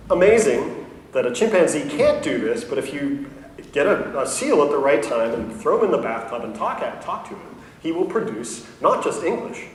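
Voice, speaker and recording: A university professor giving a conversational science lecture, explaining with light humor and correcting himself along the way. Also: male voice, medium pitch. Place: lecture hall. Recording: echoey hall, mic at a distance, faint noise.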